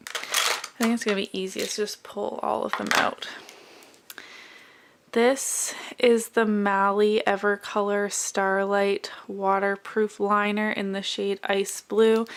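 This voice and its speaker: A woman's voice: mid-range voice, vocal fry. A young woman vlogger chatting casually as she goes through her makeup, rambling and friendly. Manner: chatty, rambling product commentary. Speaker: beauty vlogger. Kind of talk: casual makeup declutter chat.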